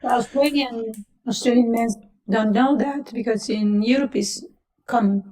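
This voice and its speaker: Slow, mellow woman caller. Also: on the high side, steady tone, poor audio. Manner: brief agreeing responses, simple phrasing. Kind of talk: casual live-stream chat.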